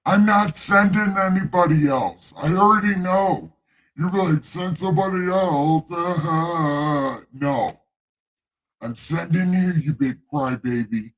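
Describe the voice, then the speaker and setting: A man's voice: a little high, slow, a bit bright. A man playing an exasperated, irritable God in a comic Bible reading with ad-libs, ranting and whining. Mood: scolding. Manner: exasperated, whiny comic rant.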